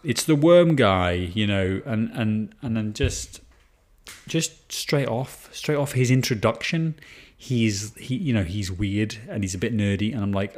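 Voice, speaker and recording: A man's voice: mid-range voice, lively intonation, unhurried, darkish tone. A man co-hosting a casual film review chat, rambling with restarts and swearing for emphasis. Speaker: podcast co-host.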